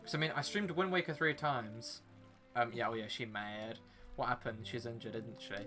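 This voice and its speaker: A man's voice: mid-range voice, normal speed, pushed and bright, soft background music. A young man streaming a game, chatting casually and rambling to his viewers, sniffly from a runny nose. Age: young adult. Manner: chatty, rambling, talks to chat and game character. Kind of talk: casual live-stream chat.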